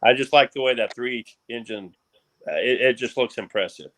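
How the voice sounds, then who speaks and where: A man's voice: mid-range voice, moderate pace, a bit bright, rough recording. A man guest in a casual chat, plain-spoken and easygoing. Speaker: event organizer guest.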